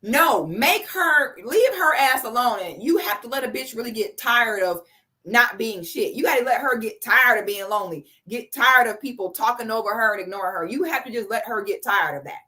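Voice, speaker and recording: A woman's voice: fairly high pitch, animated, moderate pace, sharp tone. A woman in her thirties giving blunt, profane, sarcastic commentary on a live stream. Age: 30s.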